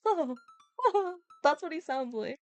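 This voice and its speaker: A young woman streaming a dating game, reading the dialogue and breaking off to chat. She is giggly and scattered, hopping between topics at a middling pitch, with faint music playing behind her. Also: fairly quick, a little mellow.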